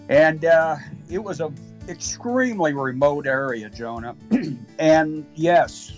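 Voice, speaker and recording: A man, the network founder, telling a rambling deadpan tall tale as a guest on a call-in show, with many halting restarts. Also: mid-range voice, rough recording.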